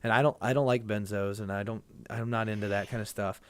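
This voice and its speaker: As a podcast guest in casual conversation, a man with a lowish voice tells a long personal story, fast and fairly even in intonation, with no room sound. He's earnest and rambling, often restarting his sentences.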